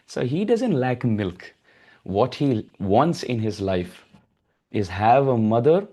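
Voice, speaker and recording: Animated male preacher telling stories. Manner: animated, acts out mothers' voices in high tones, chants verses. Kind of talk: devotional storytelling lecture.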